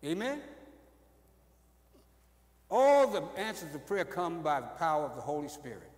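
A man preaching a sermon as pastor, swinging from loud high exclamations to low, quiet storytelling and punctuating his phrases with "amen.". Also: very animated, measured pace. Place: church sanctuary. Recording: echoey church hall.

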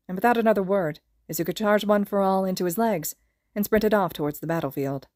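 Podfic reader: woman, mid pitch, steady storytelling, dry recording. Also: brisk, no room sound. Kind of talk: scripted narration of fan fiction.

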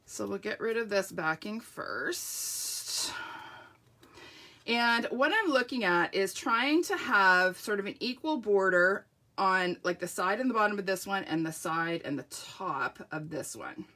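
Chatty woman with a bright, croaky voice. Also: medium pitch, lively intonation, a little slow. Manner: chatty, laughs often, says "like". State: sniffly runny nose. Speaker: papercraft demonstrator. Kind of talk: live crafting tutorial.

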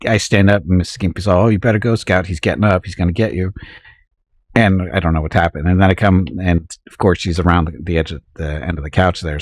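A man's voice: deep voice, no echo, studio quality. A man streaming a strategy game, telling a rambling home story with frequent chuckles, then talking through his moves. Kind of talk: casual gameplay chat.

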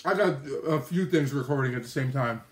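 A man with a mid-range voice speaks briskly while hosting a live stream, eating on camera and casually answering viewer comments with his mouth full. He's in an indoor kitchen with an oven and microwave, and the room is echoey.

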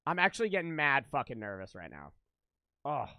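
A man's voice: mid-range voice, wildly swooping pitch, brisk, pushed and bright, a little hiss or hum. A young man commentating a horror game, jumpy and nervous, swearing often and talking to his chat. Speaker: gaming commentator.

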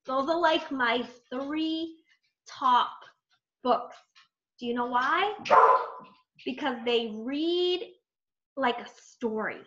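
A woman coaching new team members on a training call, chatty and animated, full of fillers and acted-out self-talk. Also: high-pitched, extremely slow, long pauses. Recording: muffled lo-fi call audio.

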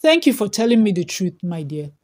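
A woman's voice: a little high, sing-song, unhurried, a little mellow. A woman voicing a stern older father-in-law who speaks in a commanding way. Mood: gentle.

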